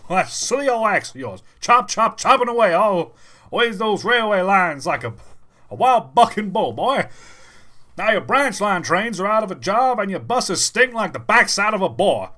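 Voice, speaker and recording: A man's voice: high-pitched, bright, forceful tone, pitched above the performer's own voice, exaggerated voice. Man doing a blustering cartoon rooster Foghorn Leghorn. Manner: bellowing drawl, repeated "I say, boy". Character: blustering loud-mouthed cartoon rooster, scolding. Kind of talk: impression of a cartoon character.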